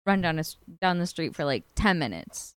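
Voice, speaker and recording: A woman's voice: fairly low pitch, sing-song, fairly quick, clean tone. A woman chatting casually, reacting with sympathetic asides. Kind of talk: casual chat.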